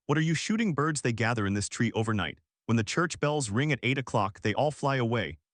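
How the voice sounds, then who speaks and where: A man voicing a soft, sad college girl. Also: mid-range voice, animated, brisk, no echo, clean studio sound, lightly acted. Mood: earnest. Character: young college woman, perceptive and quietly disappointed.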